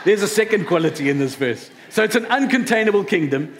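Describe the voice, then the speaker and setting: A man's voice: sits high, lively intonation, fast, few pauses, slight background noise. A pastor preaching a sermon to his congregation, conversational and emphatic, often checking in with his listeners. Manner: conversational preaching with rhetorical questions. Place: church service before a congregation.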